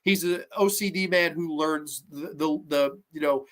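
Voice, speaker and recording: A man hosting a podcast, chatting casually about a film in a rambling, excitable way and swearing often. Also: on the high side, a little slow. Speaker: podcast host. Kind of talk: casual movie review chat.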